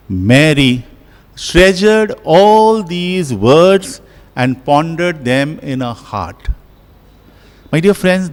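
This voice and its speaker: Slow-spoken priest in a reverberant church. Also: male voice, fairly high pitch. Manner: slow and deliberate, with emphatic pauses. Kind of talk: homily. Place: large church.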